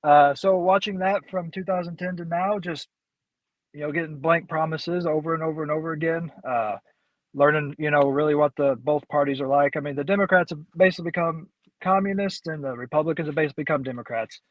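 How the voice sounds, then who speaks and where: A man from Missouri, a congressional candidate being interviewed, answering in a halting way with many pauses and restarts. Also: a little high, no echo, highs cut off.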